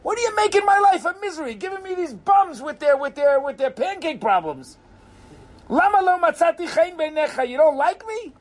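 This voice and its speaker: A man's voice: very high-pitched, sing-song, brisk, voice pushed up. Man putting on a whining, exasperated Moses. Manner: whining, indignant, loud outbursts. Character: exasperated Moses whining to God about his people.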